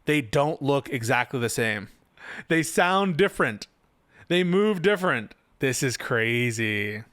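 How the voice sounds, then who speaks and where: Man, commentator, slightly high voice, incredulous and sarcastic, dry close sound, reaction commentary. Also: expressive, a little slow, fairly bright tone, no echo. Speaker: political commentator. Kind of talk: reaction commentary on a written post.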